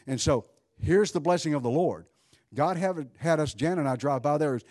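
A man preaching a sermon in an animated, conversational way, swinging between loud bursts and hushed asides while joking with his congregation. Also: fairly high pitch, moderate pace, no room sound, clean studio sound. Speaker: pastor.

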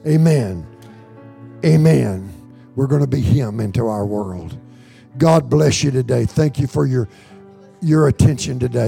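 Slow gravelly Texan preacher praying. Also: male voice, medium pitch, dark tone. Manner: fervent, repetitive prayerful pleading. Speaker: pastor. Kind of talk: sermon prayer. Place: church sanctuary.

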